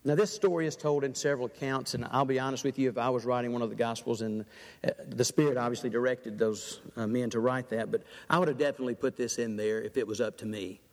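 A man preaching a sermon in a large church, dramatic and full of rhetorical questions, dropping to a hush and then rising loud. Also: mid-range voice, fairly even intonation, quick pace. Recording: reverberant church hall.

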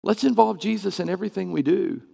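A man preaching a sermon to his congregation, earnest and emphatic, slowing and speeding up to stress his points. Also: sits high, vocal fry, mellow. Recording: long reverb of a church hall.

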